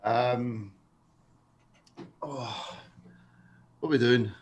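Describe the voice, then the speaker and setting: A man's voice: mid-range voice, extremely slow. A young man co-hosting a charity livestream, chatting casually and asking viewers to donate. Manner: laid-back, asks viewers to donate. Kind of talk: casual chat.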